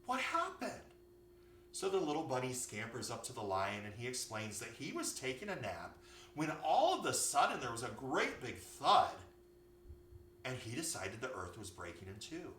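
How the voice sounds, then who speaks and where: A man tells a story for children in an animated, expressive way. His voice is bright and swoops through a lively range. He sits far from the mic in an echoey room with a faint hum behind. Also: medium pitch, normal speed. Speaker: yoga teacher.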